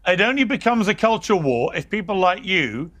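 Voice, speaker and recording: A man running a heated televised panel with a high, bright voice. He needles and interrupts, pressing his guests hard. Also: very animated, normal speed. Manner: combative, interrupting, teasing. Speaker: TV debate host.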